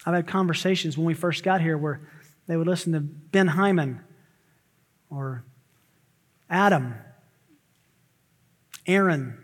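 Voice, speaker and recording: A pastor preaching from the pulpit, a man with a notably high voice. He talks emphatically, jumping into sharp rising exclamations and quick asides. His words ring out with a long reverb through a church sanctuary. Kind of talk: sermon.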